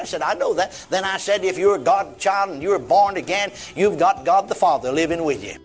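A man's voice: high voice, lively intonation, brisk. An older man, preaching a sermon in a folksy storytelling way and acting out the people in his story.

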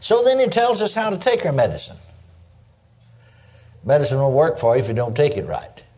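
Emphatic preacher, man with mellow tone. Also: mid-range voice, wildly swooping pitch, brisk. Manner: emphatic, exclamations of praise; calls for audience response. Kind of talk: sermon.

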